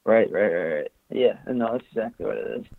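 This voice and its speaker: A young man calling in to a comedy show over the phone, laid-back and lively. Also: on the low side, brisk, gravelly, slightly rough, no echo. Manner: lively, laid-back, gaming while on the call. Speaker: caller. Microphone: phone call. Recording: tinny phone line.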